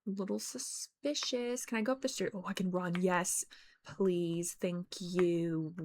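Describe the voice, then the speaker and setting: A woman's voice: mid-range voice, slight background noise. A young woman streaming a game, chatting playfully and talking to her pet. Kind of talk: casual gameplay commentary.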